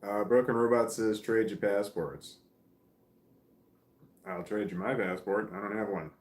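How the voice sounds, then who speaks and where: Tired low-voiced Missouri man rambling. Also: fairly even intonation, measured pace, a little mellow, echoey room, a little hiss or hum. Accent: American Midwest. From Missouri, United States. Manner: tired, rambling, reads comments aloud, chuckles often. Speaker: livestream host reading chat. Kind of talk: casual live chat.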